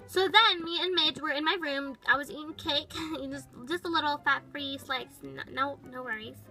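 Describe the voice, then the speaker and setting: A bratty, dramatic little girl pet, voiced by a woman, chattering in a high, very bright voice. She gushes in valley-girl talk, piling on "like" over soft music behind her. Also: moderate pace, exaggerated voice, low-quality recording. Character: bratty, dramatic young female toy pet. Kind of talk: toy-figure storytime narration.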